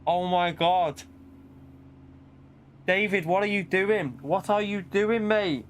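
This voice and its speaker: A man in his thirties talks casually through a racing game on a live stream, often repeating and exclaiming, with a slightly high pitch. The game's engine noise sits clearly behind his voice. It feels like a home stream with an open mic. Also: slow. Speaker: gaming streamer. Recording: noisy background with car sounds.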